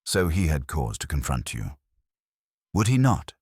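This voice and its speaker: A man's voice: a bass voice, big pitch swings, unhurried, a little mellow, husky, dry recording, studio quality, heavily acted. A man reading a shrewd, courteous detective who questions with polite persistence. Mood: probing.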